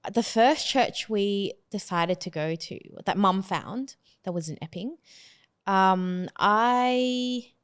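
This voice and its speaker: A woman in her twenties from Hong Kong tells her story as a podcast guest, sounding casual and hesitant with plenty of fillers and restarts. Her mid-range voice is clean and unhurried.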